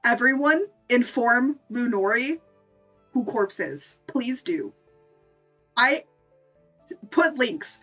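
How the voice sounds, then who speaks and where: A woman's voice: fairly high pitch, animated, slow pace, long pauses, sharp tone. A woman streamer in casual chat, rambling and stammering through restarts, laughing often. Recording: distant mic, dull lo-fi sound, faint music behind.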